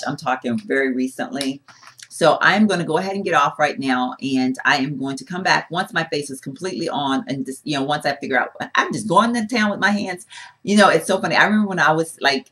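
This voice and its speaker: A woman beauty vlogger talking casually and at length while testing makeup, chatty and rambling, and animated. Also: deep voice. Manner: chatty, rambling, animated, talks with her hands. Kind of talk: casual product-testing vlog.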